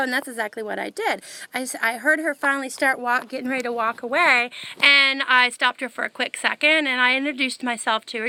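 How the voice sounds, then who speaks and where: A woman, telling a story outdoors to camera in an excited, rambling way with many fillers. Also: high voice. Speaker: vlogger. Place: outdoors near her house.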